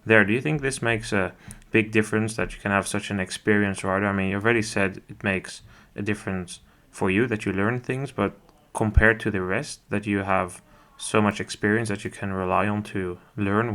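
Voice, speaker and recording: A man's voice: fairly low pitch, a bit bright. A man hosting a podcast interview, laying out several examples before asking his question. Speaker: podcast host.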